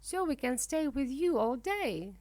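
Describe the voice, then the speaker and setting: A woman voicing a kind little ostrich chick who speaks softly and comfortingly in a storybook reading. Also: sits high, big pitch swings, a little slow, dry recording.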